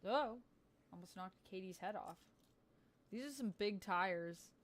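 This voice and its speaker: Woman in her thirties, livestream host, chatty, upbeat, reads chat aloud, mid-pitched voice. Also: lively intonation, a little slow. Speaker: streamer.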